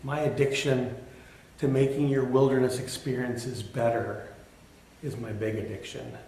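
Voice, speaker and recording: A middle-aged male pastor delivers a sermon in a church sanctuary, his voice medium-pitched, level, a little slow, and somewhat dark. He tells a personal story candidly with self-deprecating humor, and the echoey room carries faint ambient noise.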